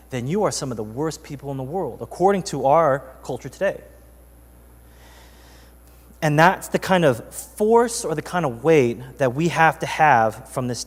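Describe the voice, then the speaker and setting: A man's voice: mid-range voice, in a large hall. A man preaching a sermon as pastor, telling a story in a loose, chatty way with many fillers. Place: church sanctuary.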